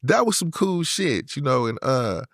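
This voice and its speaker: A man's voice: mid-range voice, big pitch swings, normal speed, fairly bright tone, no echo, clean studio sound. A man in his fifties from Oakland with a Bay Area accent, telling stories in a laid-back way, full of "you know what I'm saying" and acted-out voices. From Oakland, California. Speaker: guest rapper. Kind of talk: casual storytelling.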